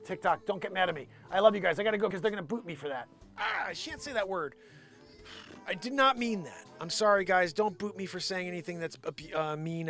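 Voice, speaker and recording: A man hosting a live stream, chatting and ranting in an excitable, profane way. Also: sits high. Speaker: live show host. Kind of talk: live stream chat and rant. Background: faint background music.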